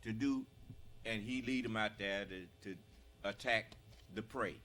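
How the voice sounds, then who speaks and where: A man preaching on a live broadcast, speaking loudly and climbing into fervent shouting, pausing now and then to clear his throat. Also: on the low side, slight background noise. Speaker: religious leader.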